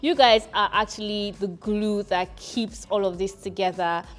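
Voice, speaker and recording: A woman co-producer speaking excitedly and casually about a production. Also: medium pitch, measured pace, faint music behind. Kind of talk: casual talk to camera.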